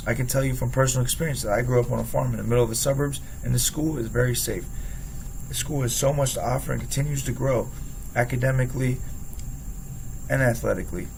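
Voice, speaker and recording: A young man from Philadelphia who played and now coaches football, reading a personal essay aloud in an even manner. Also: mid-range voice, quick pace, creaky, slight background noise, rough recording.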